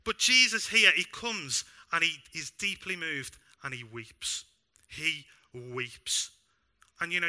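A young man preaching a sermon in a church, animated and self-deprecating with bits of humor. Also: medium pitch. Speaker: pastor.

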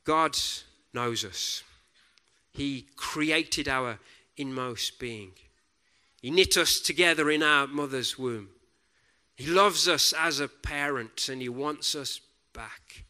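A man preaching a sermon in a deliberate, reflective way, often dropping to a soft hush on key words. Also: medium pitch, clear, resonant tone.

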